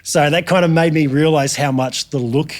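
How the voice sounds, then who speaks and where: A man's voice: fairly high pitch, fairly even intonation, normal speed. A man with an Australian accent, a guitarist guest telling stories in a casual podcast chat, laid-back and slangy with many ums and restarts.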